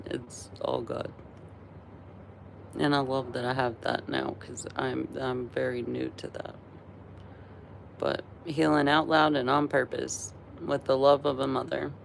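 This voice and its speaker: Tired woman in her 40s, live-stream host, slow and gravelly, rambling chat full of laughs. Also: rumbling low, little pitch movement, slight background noise. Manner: chatty, rambling, laughs often. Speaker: livestream host.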